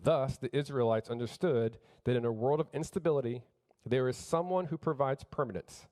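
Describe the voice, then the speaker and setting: A man preaching a sermon as pastor, emphatic, rising louder on key points and often restarting his phrases. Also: mid-range voice, brisk.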